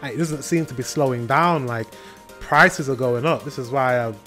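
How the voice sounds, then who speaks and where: A man's voice: mid-range voice, normal speed, pushed and bright, soft background music. Rambling British man reacting to a video. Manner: rambling, goes off on tangents. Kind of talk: casual reaction commentary.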